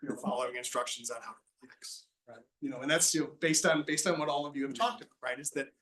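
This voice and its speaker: A man's voice: medium pitch, fast, fairly bright tone, distant mic, rough recording. A man moderating a panel discussion in a casual, rambling way with frequent restarts.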